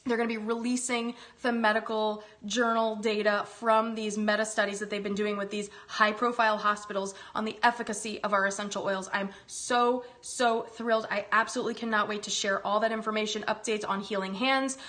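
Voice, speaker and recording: A woman's voice: mid-range voice, level tone, fairly quick, hardly any pauses, a bit bright. A woman hosting a casual live cooking demo, upbeat and gushing with chatty asides. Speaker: host demonstrating a recipe.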